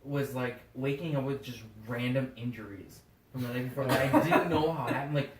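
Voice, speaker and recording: A man's voice: medium pitch, fairly quick. A young man talks openly and easily, dropping the odd swear word. He sounds a little far from the mic, in a roomy, echoey space with a faint hiss. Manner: candid, relaxed, swears casually. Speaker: podcast co-host. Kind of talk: casual chat.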